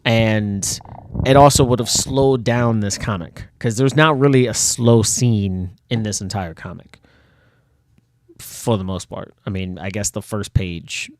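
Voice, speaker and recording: A man's voice: on the low side, unhurried. A man casually talking about and reading from his own comic, rambling with many fillers and frequent laughs while bothered by his nose. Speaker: comic artist and channel host.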